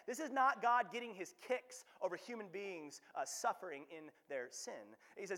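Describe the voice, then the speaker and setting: A young adult man preaching a sermon to his church, conversational and animated, often asking "right?". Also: a little high, moderate pace. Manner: animated, conversational, frequent restarts and "right?" asides. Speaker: pastor. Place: church sanctuary. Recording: long hall reverb.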